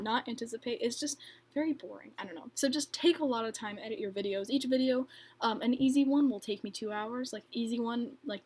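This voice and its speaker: A woman's voice: a little high, a little mellow, a little hiss or hum. A young woman hosting a casual livestream, reading viewer questions and answering in a chatty, filler-heavy way with frequent laughs. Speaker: livestream host and bracelet maker.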